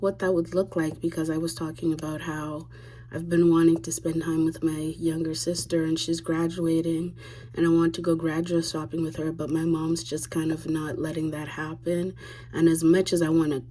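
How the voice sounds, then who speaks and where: A woman's voice: sits low, warm tone. A young woman vlogging, telling a personal family story in a candid, blunt way, swearing freely and acting out what people said. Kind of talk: casual confessional storytelling.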